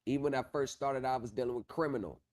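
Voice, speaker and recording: A man's voice: medium pitch, fast, a little mellow. Confident man hosting a casual livestream. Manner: confident, repetitive, drifts off while working the screen. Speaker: livestream host on pro se legal help.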